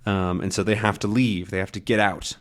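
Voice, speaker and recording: A man teaching English by reading a comic aloud, explaining words in a chatty, animated way. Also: fairly low pitch, fairly quick. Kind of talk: comic read-along lesson.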